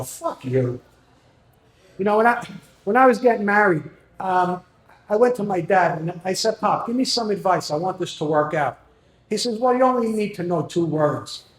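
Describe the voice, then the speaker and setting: Wry older man doing stand-up, echoey. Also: high-pitched. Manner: wry self-deprecating storytelling. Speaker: stand-up comedian. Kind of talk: open mic stand-up set. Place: comedy venue with live audience. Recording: echoey room.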